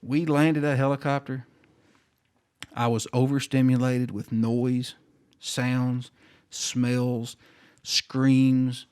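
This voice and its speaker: Male podcast guest, mid-pitched, casual storyteller who acts out every quoted exchange. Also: drawn-out words, pauses often, clean tone. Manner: animated, acts out quoted dialogue.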